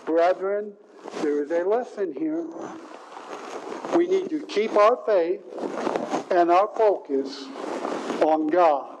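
A man's voice: sits high, slow, long pauses. A man preaching a sermon in an earnest way, stressing and repeating key words, with faint hiss behind.

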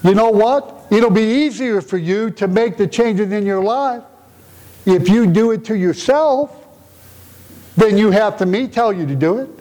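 A man's voice: high voice, a little slow, mellow, poor audio. A man preaching a conversational sermon in an earnest, emotional way, often asking rhetorical questions. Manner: emotional, tender-hearted delivery.

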